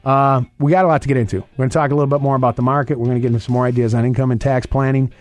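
Guy doing a money radio show, talks fast, keeps restarting himself, dry close mic. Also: medium pitch, little pitch movement, dry recording. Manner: fast-talking, rambling with restarts and fillers. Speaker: radio show host and investment advisor. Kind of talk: financial advice radio talk.

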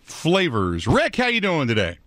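A man hosting a sports talk radio show, brisk and conversational as he brings on a guest. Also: medium pitch, expressive, a bit bright, no room sound.

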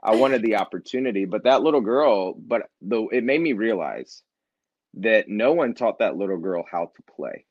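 This man, a nonprofit founder being interviewed, casually recounts a personal story and energetically acts out the dialogue he quotes. His voice is on the low side with a breathy edge and a moderate pace, and the dull recording has no echo.

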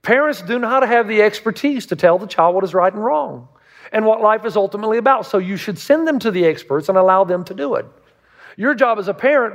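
A man preaching a sermon as a pastor, emphatic and full of rhetorical questions. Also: high voice. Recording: long reverb of a large hall.

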